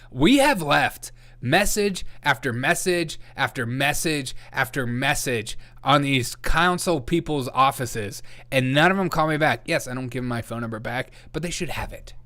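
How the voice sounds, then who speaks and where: A man's voice: mid-range voice, bright, forceful tone. A man hosting a comedy news show, delivering satirical commentary in a sarcastic, mocking rant.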